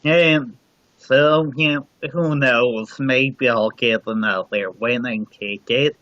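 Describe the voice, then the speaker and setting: A man's voice: medium pitch, slow, fairly bright tone, no room sound. A man joining a casual livestream chat as a guest from home, easygoing and laid-back. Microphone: computer mic on a livestream. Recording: dull, dry lo-fi stream audio.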